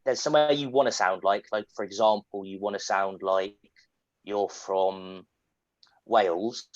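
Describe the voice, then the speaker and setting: A man's voice: on the low side, steady tone, a little slow, no room sound. An English man with a standard southern English accent, casually answering questions and explaining with fillers and restarts. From England. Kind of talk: casual online Q&A. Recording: dull lo-fi call audio.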